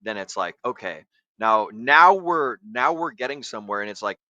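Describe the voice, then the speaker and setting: A man's voice: on the low side, animated, normal speed, pushed and bright, no echo, muffled recording. A man hosting a casual talk show, lecturing a guest in a coaching, profane way. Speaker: podcast host. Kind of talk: casual livestream chat.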